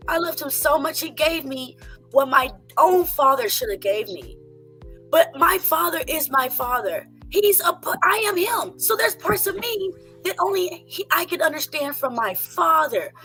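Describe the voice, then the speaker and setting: A woman with a high, bright and sharp voice talking on a podcast panel. She speaks heartfelt and animated, with faint music behind her. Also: a little slow. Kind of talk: casual panel discussion.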